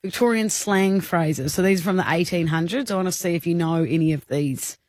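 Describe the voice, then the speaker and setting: A woman's voice: on the low side, a little fast, darkish tone, no echo, clean studio sound. A bubbly, giggly woman co-hosting a radio show, teasing her co-host in casual banter.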